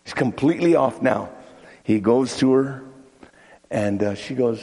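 In a church sanctuary, a male pastor delivers a sermon with a medium-pitched, somewhat slow voice that is creaky, a little mellow and husky, with frequent pauses. His story features acted-out voices and repetition, captured with long hall reverb.

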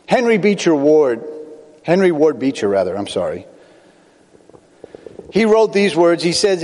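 An older man preaching a sermon as pastor, earnest, with quick bursts and slow emphatic phrases. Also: mid-range voice, a little mellow, big-room sound.

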